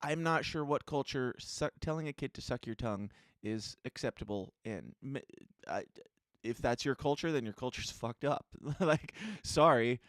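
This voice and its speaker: A male podcast co-host in casual news commentary, blunt, exasperated and emphatic. His voice is mid-pitched for a man. The sound is dry and close-miked. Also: expressive, normal speed, no echo.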